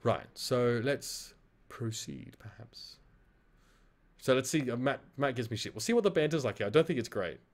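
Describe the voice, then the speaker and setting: A man's voice: medium pitch, lively intonation, normal speed. A man with an Australian accent, an esports caster casually reviewing his own casting, frank, swearing freely and mocking himself.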